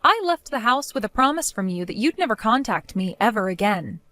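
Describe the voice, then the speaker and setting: A sarcastic young daughter-in-law from an animated storytime cartoon, played by a woman, mocking and defiant. Her fairly high voice rises and falls with lively inflection. The recording is dry and close. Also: a little fast, no echo. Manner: sarcastic, mocking, laughs often.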